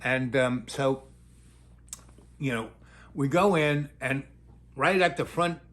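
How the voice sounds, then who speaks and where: A man's voice: mid-range voice, takes it slowly, fairly bright tone. An older man telling a long, digressive anecdote in a loose, casual way, breaking into voices for the people in it. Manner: loose, digressive, acts out quotes. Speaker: storyteller.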